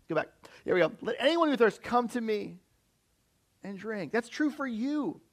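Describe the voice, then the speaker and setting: A young man with a high-pitched voice preaches to his church. He talks in an easy, conversational way. He keeps putting direct questions to the people listening. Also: big pitch swings, measured pace. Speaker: pastor. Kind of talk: sermon.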